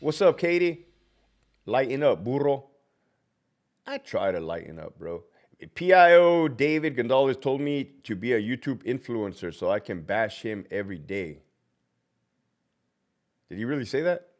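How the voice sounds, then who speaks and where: Guy ranting on a live q&a, swears nonstop, real animated voice. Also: mid-range voice, moderate pace, pauses often. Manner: blunt, heavy swearing; talks back to viewers' comments. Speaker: host answering live viewer questions; prison officer. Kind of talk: casual live-stream chat.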